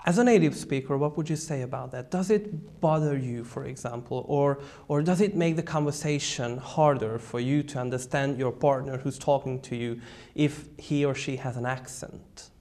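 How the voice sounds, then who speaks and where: A man's voice: mid-range voice, moderate pace, a little mellow. A man with a Hungarian accent interviewing a guest, asking long, carefully built questions.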